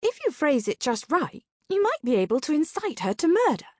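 A woman's voice: no room sound, studio quality. Woman voicing a sarcastic ghost sidekick. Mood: teasing. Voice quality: higher, lively voice. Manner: sarcastic, quick quips. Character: wry, teasing female ghost sidekick.

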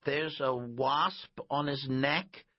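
A man's voice: mid-range voice, steady tone, very slow, no echo, pitched above the performer's own voice. A man voicing a cautious, wry twelve-year-old boy in a storybook reading, slightly muffled recording.

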